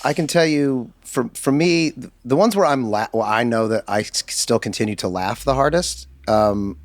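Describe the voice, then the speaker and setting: A man co-hosting a podcast in casual chat, enthusiastic with halting restarts. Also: medium pitch, dry recording. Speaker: podcast co-host.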